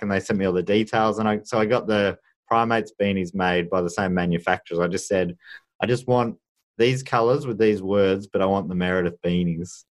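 A man's voice: deep voice, steady tone, fairly quick. A man hosting a podcast, chatting casually with wry, rambling asides. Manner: rambling, self-interrupting, wry. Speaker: podcast host. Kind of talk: casual chat.

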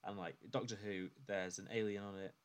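A man chatting fast and loosely on a podcast, piling up fillers as he tells animated stories. His voice sits low and moves quickly. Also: smooth. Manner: rambling, animated storytelling with many fillers. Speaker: podcast co-host. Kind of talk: casual chat.

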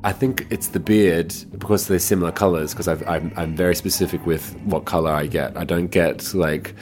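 A man's voice: sits low, fairly even intonation, normal speed, darkish tone, faint music behind. A man who performs in drag, telling personal stories in a casual, chatty way and acting out the voices of people he quotes. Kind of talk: casual storytelling.

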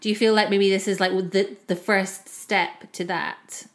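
Mum hosting a relaxed chat; mid-pitched, asks questions and muses openly. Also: female voice, measured pace. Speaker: podcast host, mother. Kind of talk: casual chat.

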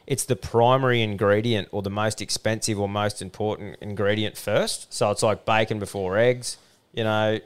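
Sweary laid-back Australian bloke. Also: male voice, fairly low pitch, steady tone, moderate pace, clean tone. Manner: blunt, sweary, laid-back yarn-spinning. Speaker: podcast co-host. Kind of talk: casual banter, storytelling.

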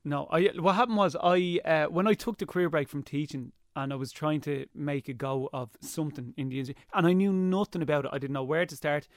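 Irish man telling stories, slightly high voice. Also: brisk, few pauses, no room sound, studio quality. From Ireland. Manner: lively storyteller, slips into impressions. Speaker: guest, YouTuber. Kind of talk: casual interview chat.

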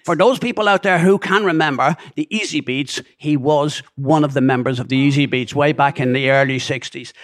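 An older man with an Irish accent, co-hosting a podcast in a rambling, animated chat. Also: fairly high pitch, a little fast, hardly any pauses. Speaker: podcast co-host. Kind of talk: casual chat.

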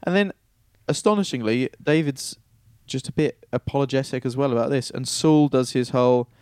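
A man's voice: medium pitch, moderate pace, darkish tone, clear, resonant tone, dry recording, clean studio sound. Irreverent man retelling stories. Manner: irreverent, swears, mock-voices characters lightly. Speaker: podcast co-host retelling Bible stories. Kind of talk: casual chat.

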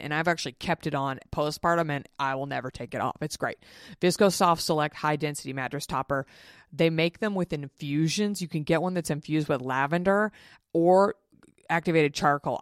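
A woman's voice: sits low, no echo, studio quality. A woman in her thirties hosting a solo podcast, chatty and frank, swearing freely and acting out what others said. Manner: chatty, frank and profane, with mimicked quotes. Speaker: podcast host. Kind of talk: casual solo podcast chat.

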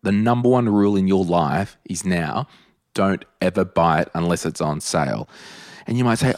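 Deep-voiced Australian man, emphatic podcast host. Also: normal speed, a little mellow, no room sound, clean studio sound. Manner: emphatic, chatty, repetitive for emphasis. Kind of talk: casual solo podcast talk.

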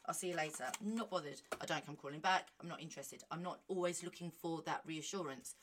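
A woman talking casually on her own podcast, animated and self-mocking, reading aloud with chatty asides. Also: deep voice, a little fast, noisy background. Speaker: podcast host. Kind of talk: casual solo monologue.

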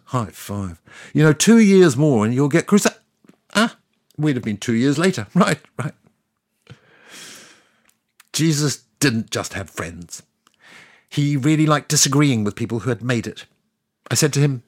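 God as a gravelly, wry old deity. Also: male voice, medium pitch, no room sound, studio quality. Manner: sardonic, conversational storyteller. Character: God, ancient male deity, wry and chatty. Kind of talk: scripted comic monologue.

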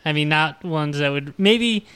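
A man's voice: on the high side, unhurried, bright, forceful tone, smooth, dry recording. A man co-hosting a podcast, joking and self-deprecating in casual comedic chat. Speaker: podcast co-host.

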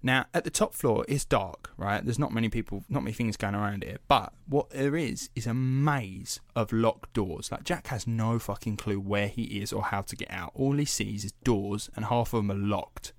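A man's voice: on the low side, moderate pace, hardly any pauses, dry recording. A young man hosting a podcast, telling a story in a loose, chatty way, swearing freely and padding with fillers. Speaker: podcast host. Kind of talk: casual storytelling chat.

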